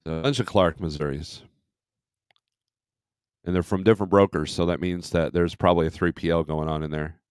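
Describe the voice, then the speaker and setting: A man's voice: low-pitched, fairly even intonation, normal speed, pauses often, a little mellow, smooth, no echo, clean studio sound. A man hosting a casual trucking livestream, rambling as he reads load listings aloud and comments on them. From Michigan.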